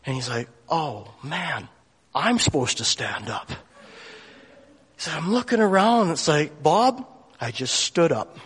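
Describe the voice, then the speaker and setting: Speaking to a gathering in a hall with long reverb, a man tells a faith story as a storytelling sermon, acting out the voices of its people and growing tearful at moments. His voice is slightly high, expressive, and a bit bright with a breathy edge, and he talks a little slowly with frequent pauses.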